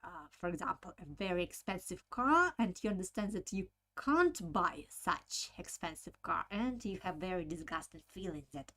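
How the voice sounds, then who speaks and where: A woman teaching a language lesson, explaining step by step with many filler sounds and slowly repeating each word for practice. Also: fairly low pitch, animated, a bit bright.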